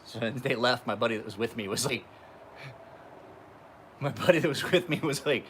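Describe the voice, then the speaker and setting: At normal speed and with a slightly bright tone, a man chats casually on a live stream as he sharpens knives. His stories wander and are full of profanity, and he imitates other voices in high pitches; faint background noise is present.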